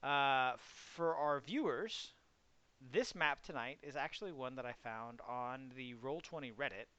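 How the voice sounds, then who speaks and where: Smooth-voiced casual game master. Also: male voice, mid-range voice, a little slow, fairly bright tone, dry recording, dull audio. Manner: casual, loose, many fillers. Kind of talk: narrating a tabletop game online.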